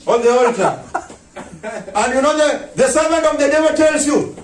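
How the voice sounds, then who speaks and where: High-voiced pastor preaching in an echoey hall. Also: male voice, big pitch swings, normal speed, a little hiss or hum. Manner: preaching with shouts and mocking impressions. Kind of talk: sermon. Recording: echoey room, mic at a distance.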